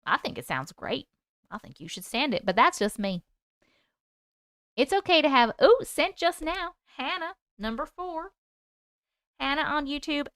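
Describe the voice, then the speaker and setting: Bright, clear-voiced woman live-streamer. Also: a little high, expressive, normal speed, dry recording, studio quality. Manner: chatty, reads out viewer comments and thanks gifts. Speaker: host reading chat on a livestream. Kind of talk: casual live-stream chat.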